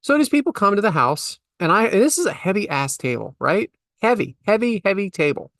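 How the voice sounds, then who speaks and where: Man, middle-aged, podcast co-host, casual storytelling, lively swooping voice, dry close sound. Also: brisk, no room sound. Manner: animated, exasperated storytelling with big pitch jumps.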